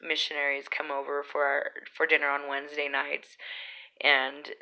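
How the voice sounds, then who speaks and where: A woman's voice: low-pitched, completely flat delivery, moderate pace, sharp tone, rough recording. A young woman from Utah telling rambling stories in a casual vlog, full of fillers. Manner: chatty, rambling, lots of fillers. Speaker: vlogger. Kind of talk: casual storytelling.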